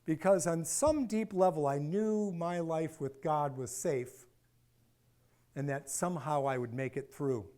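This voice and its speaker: A middle-aged man giving a personal storytelling talk, animated and acting out the dialogue. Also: a little high, measured pace. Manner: animated, acts out dialogue, repeats phrases for effect. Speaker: speaker and author.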